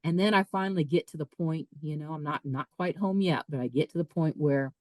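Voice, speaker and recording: Middle-aged woman guest, low voice, dry close sound; emphatic storyteller who repeats herself. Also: brisk, darkish tone, no echo. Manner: emphatic, repeats phrases, quotes her own thoughts aloud. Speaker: podcast guest. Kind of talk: personal storytelling.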